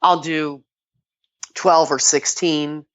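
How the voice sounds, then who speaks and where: An older woman, a podcast guest, chatting casually and telling lively stories, often quoting herself and laughing. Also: low voice, very slow, highs cut off. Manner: animated storytelling, quotes herself, laughs often. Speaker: podcast guest, kettlebell sport athlete. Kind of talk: casual interview chat.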